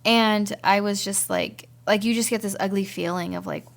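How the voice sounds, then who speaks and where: A woman guest sharing a personal testimony on a podcast, talking haltingly and repeating words as she recalls events. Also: medium pitch, fairly even intonation, gravelly.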